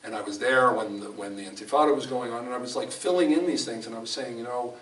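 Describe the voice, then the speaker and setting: Quick-paced and a bit bright, his mid-range voice carries an emphatic, conversational sermon full of stories and restarted sentences. The distant recording captures an echoey fellowship hall and faint room noise.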